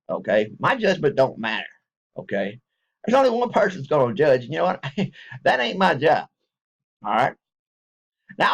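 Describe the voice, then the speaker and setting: A man talking to his viewers in a rambling spoken apology, folksy and meandering, often stopping to restart, and rising from low mutters to high laughing bursts. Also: creaky, breathy edge. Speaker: online video maker. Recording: dull lo-fi home recording.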